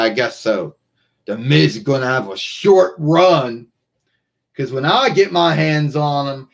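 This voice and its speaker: A man talks through a live stream in an unhurried, drawn-out way, his pitch sitting in an ordinary middle range. He rambles, loops back and repeats himself as he answers viewers. It is a casual home-streamer sound, picked up by a computer mic.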